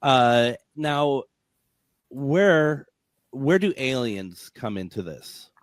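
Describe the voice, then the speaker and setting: A man hosting a radio interview, speaking haltingly and repeating words, with short replies. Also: medium pitch, expressive, no room sound. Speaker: radio host.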